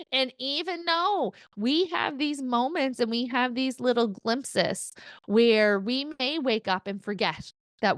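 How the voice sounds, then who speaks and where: A woman medium with a smooth voice, recorded with no echo, does a casual spirit reading. Chatty and quick to laugh, she swears now and then and delivers quotes in an excited, higher voice.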